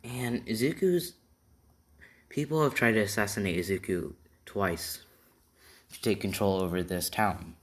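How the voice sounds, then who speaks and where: Slow, rambling male storyteller. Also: fairly low pitch. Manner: rambling, constantly checking in with "right?". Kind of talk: improvised fan-fiction storytelling.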